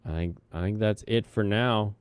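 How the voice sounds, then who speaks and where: Smooth-voiced man rambling on stream. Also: lowish voice, normal speed, dry recording. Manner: rambling, hums to himself between topics. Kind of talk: casual live-stream chat.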